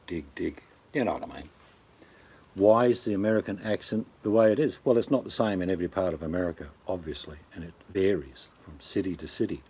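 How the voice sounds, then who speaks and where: Brief: older Australian man, deep-ish and husky, jokey rambling host talk. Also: a little fast, a little mellow. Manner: rambling, jokey, swaps into impressions. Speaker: channel host. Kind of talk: casual chat.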